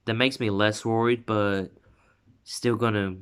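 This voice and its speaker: Man playing a fretful mum, soft and halting, slow. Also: fairly low pitch, level tone, smooth, close to an everyday voice. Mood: worried. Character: worried caring mother.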